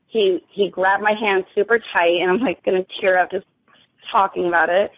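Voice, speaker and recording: The audio is poor as a young adult woman, a guest in an interview, gives an emotional first-person account of an encounter. She speaks at a normal speed in a mid-range voice with fairly even intonation, often restarting sentences and filling gaps with fillers.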